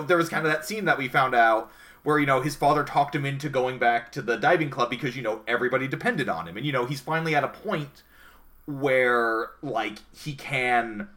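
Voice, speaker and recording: Man, podcast co-host, bright tone, slightly raised pitch, rambling casual chat. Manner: rambling, hesitant, lots of fillers. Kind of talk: casual anime review chat.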